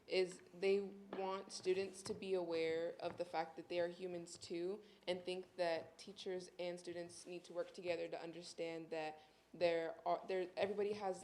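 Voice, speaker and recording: A woman's voice: lowish voice, darkish tone, slight background noise. A woman student on a school board meeting panel. She speaks reflectively in long, searching sentences. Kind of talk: meeting discussion.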